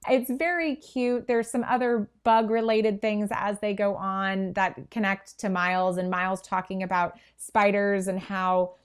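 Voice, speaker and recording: A woman's voice: medium pitch, fairly even intonation, unhurried, hardly any pauses, clear, resonant tone. Enthusiastic woman podcast co-host. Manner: thoughtful and enthusiastic, with small restarts. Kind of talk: casual book chat.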